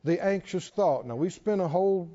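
A man preaching a sermon with animated delivery, repeating phrases and quoting scripture. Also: high-pitched, moderate pace, highs cut off. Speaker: pastor.

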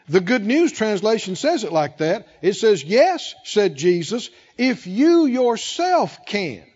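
Man, pastor, sermon, high voice, slow emphatic preaching, dull lo-fi recording. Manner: emphatic preaching, calls for congregation responses.

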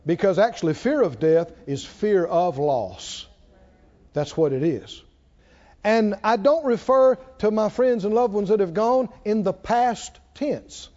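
A man with a high voice preaches a folksy, emphatic sermon, unhurried and lively in intonation, building up to shouting. The recording has a dull, lo-fi sound.

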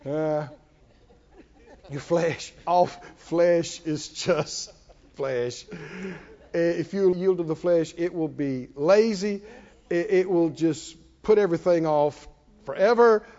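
A male preacher delivering a sermon, exhorting his listeners and breaking into shouted laughter. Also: a little high, slow, lo-fi sound.

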